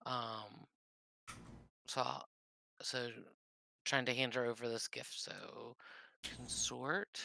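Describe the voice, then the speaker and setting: Slow, gravelly tabletop player, bright tone. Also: mid-range voice, flat delivery, no room sound. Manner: hesitant, slow, fillers, laughs often. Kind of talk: tabletop role-play.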